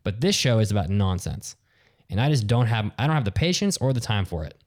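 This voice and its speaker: A man's voice: lowish voice, sing-song, a little fast. A man hosting a casual podcast, talking bluntly and ranting with exasperation. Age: adult with office job. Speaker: podcast host.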